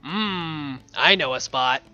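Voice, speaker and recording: A chatty man rambles playfully through a game session, his voice bright and slightly high. He jokes and muses in loose, casual commentary. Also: slow, dry recording, lo-fi sound, faint music behind. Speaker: let's play gamer.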